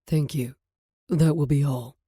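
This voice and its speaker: A composed wealthy man in an audiobook romance, read by a woman, voiced low and steady, mellow and husky, each line measured and courteous. The reading sits in a dry, close space. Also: dry recording. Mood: gentle.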